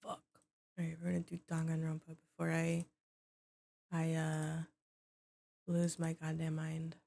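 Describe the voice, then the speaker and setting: A woman's voice: sits low, monotone, measured pace, creaky, mellow. A woman game streamer chatting casually with her viewers, bubbly, greeting them by name and swearing offhandedly.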